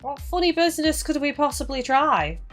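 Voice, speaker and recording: A cheeky little mouse detective chats away in a fairly high, easygoing voice, as a woman reads him out. The delivery stays close to a casual read, with a faint music bed behind. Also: sing-song, a little fast, a bit bright, full character voice. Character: cheeky small male electric mouse.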